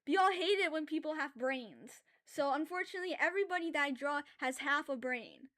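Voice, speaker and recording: A woman with a notably high voice talks to her viewers while she draws on stream. Her tone is casual and conversational, and she rambles easily between comments on her work. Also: brisk. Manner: loud, animated ranting, then quiet and apologetic; chatty and self-aware, with filler words and laughs. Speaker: drawing streamer. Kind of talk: casual livestream chat while drawing.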